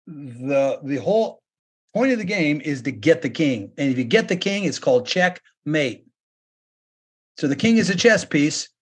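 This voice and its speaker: A man preaching a sermon with a husky, fairly high voice. He is an earnest pastor who slows down and rises in pitch to drive his points home. The grain in his voice stays with him throughout.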